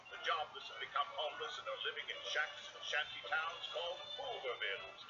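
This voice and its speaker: A brisk 1930s newsreel announcer. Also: male voice, a little high. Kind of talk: period newsreel narration. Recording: muffled playback from a distance over music.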